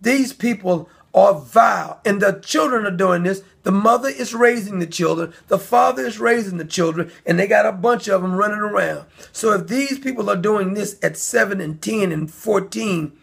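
A man hosting his own commentary video, talking in a heated, indignant rant that often rises to shouting. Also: high-pitched, normal speed, creaky, husky. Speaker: commentary channel host. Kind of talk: angry ranting commentary.

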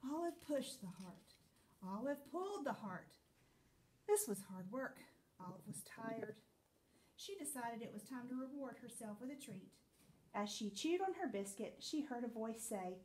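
A woman teacher reading a picture book aloud to children, in an expressive, sing-song storytelling manner. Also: on the high side, normal speed.

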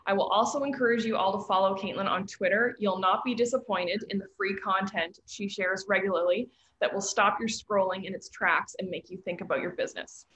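A woman's voice: mid-range voice, steady tone, a little fast, a bit bright, reverberant, low-quality recording. A woman host reading a guest speaker's introduction, with playful asides.

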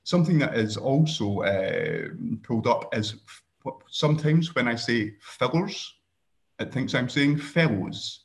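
A man with a Scottish accent giving a relaxed screen-share software tutorial over a video call, with dry joking asides and frequent ums. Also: medium pitch, a little slow. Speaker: workshop presenter.

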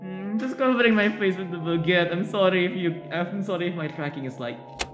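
A streamer nervously commenting live while playing a horror game, repeating short phrases and swinging between soft murmurs and sudden yelps. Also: medium pitch, fast talker, muffled recording. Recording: roomy sound with game music. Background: game music.

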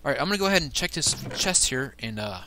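A man hosting a Minecraft let's-play with excited commentary, often yelping and squealing when startled. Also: mid-range voice, quick pace, slight background noise. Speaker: gaming channel host.

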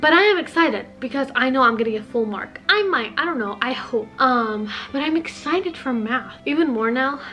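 A young woman chatting excitedly and breathlessly on a handheld phone camera in a casual vlog, now and then slipping into Arabic phrases. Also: high-pitched, normal speed, hardly any pauses, faint music behind. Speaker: vlogger.

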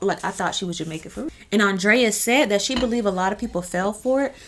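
A woman's voice: medium pitch, a little fast, few pauses, fairly bright tone, faint music behind. A woman giving casual, chatty commentary on her channel, full of sassy asides. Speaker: YouTube commentator.

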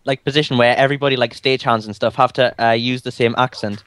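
A man's voice: medium pitch, fairly even intonation, fast talker, a bit bright, dry recording. A young man joking and rambling in casual gaming chat. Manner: jokey, rambling. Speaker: gaming channel regular.

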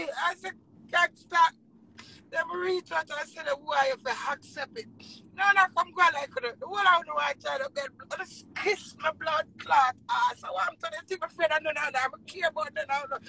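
A tearful woman with a Jamaican accent, ranting emotionally, swearing in patois, swinging from low mutters to shouts. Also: normal speed, low-quality recording. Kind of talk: emotional live rant.

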